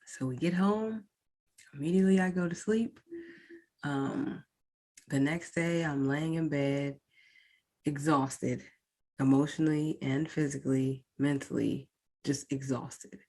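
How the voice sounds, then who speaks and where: A woman's voice: sits low, steady tone, unhurried, pauses often, mellow. A woman podcast host recounting a painful personal experience in a candid, emotional way, speaking directly to her listeners. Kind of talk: personal storytelling.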